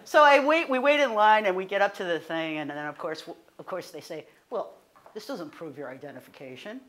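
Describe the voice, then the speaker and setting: A woman, a guest speaker telling a personal story in an animated, conversational way, full of fillers and self-corrections. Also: on the low side, a little fast, slight background noise. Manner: animated, rising to indignant.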